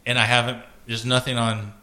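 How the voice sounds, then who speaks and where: A man's voice: medium pitch, little pitch movement, brisk, pushed and bright. A man hosting a casual podcast, rambling and swearing as he chats about television. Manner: rambling, profane, joking. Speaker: podcast host. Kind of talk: casual chat.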